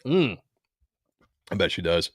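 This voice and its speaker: A man's voice: low-pitched, big pitch swings, slow, fairly bright tone, dry recording, clean studio sound. A man casually chatting about comic book pages with a co-host, reading viewer comments aloud and laughing often.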